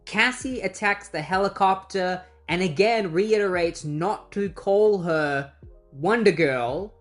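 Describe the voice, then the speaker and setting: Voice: mid-range voice, slow, soft background music. A comic book reviewer giving a casual recap with snarky, wry asides.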